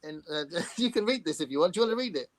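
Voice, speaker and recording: A man with an English accent hosting a casual video-call chat, telling lively stories and chuckling as he goes. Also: high-pitched, racing, a crowd in the background. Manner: animated storyteller, chuckles often.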